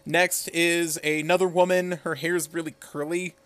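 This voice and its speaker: A man's voice: on the high side, moderate pace, no echo. A man co-hosting a podcast, laughing often and swearing as he retells a show. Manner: animated, laughs a lot, profane. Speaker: podcast co-host. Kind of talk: casual recap chat.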